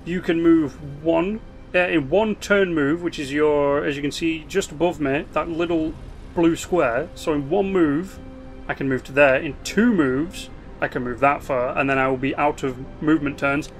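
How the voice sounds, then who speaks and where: A man talks through a strategy game in loose, casual commentary, his voice sitting a little high for a man. He breaks off for asides and restarts his sentences as he explains the rules. Faint music plays underneath. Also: fairly even intonation, moderate pace. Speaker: gaming video host.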